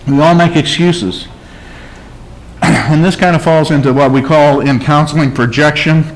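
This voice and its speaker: A man's voice: fairly high pitch, steady tone, a little slow, poor audio. A man preaching a sermon, asking rhetorical questions, calling out for an amen and telling stories to his congregation. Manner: emphatic preaching, calls for amen and tells stories. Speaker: pastor.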